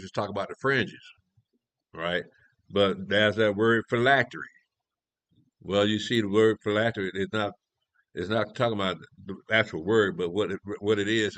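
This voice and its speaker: A man's voice: low-pitched, a bit bright, no room sound. A man teaching a scripture class in a conversational way, reading verses and asking rhetorical questions. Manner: conversational, restarts often, asks rhetorical questions. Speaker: elder teaching a prophecy class.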